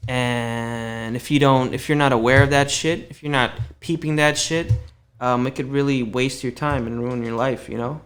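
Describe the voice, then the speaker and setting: A man's voice: medium pitch, steady tone, moderate pace, hardly any pauses, a bit bright, echoey room. A young man guesting on a podcast, telling stories in a loose, profane way with lots of fillers. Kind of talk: casual podcast chat.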